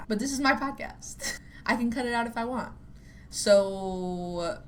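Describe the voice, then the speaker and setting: A woman's voice: mid-range voice, unhurried. A young adult woman hosting her own podcast, musing casually in a rambling way, full of "like" fillers, swearing and self-deprecating asides. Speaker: podcast host.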